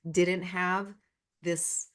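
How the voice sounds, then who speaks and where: A woman's voice: fairly low pitch, little pitch movement, extremely slow, fairly bright tone. A woman speaking as a guest in a casual interview, telling personal stories in an earnest, heartfelt way.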